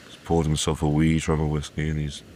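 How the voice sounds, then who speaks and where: Very deep-voiced storyteller. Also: male voice, completely flat delivery, a little fast, a little mellow, a little hiss or hum. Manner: leisurely, repeating phrases, conversational asides. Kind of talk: oral folk-tale storytelling.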